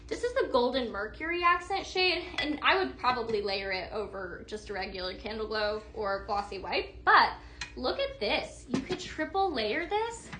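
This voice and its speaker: Bubbly high-voiced woman showing decor. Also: pushed and bright, a little hiss or hum. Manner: bubbly, gushing, chatty with viewers. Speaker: livestream home decor presenter. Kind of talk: live product demonstration.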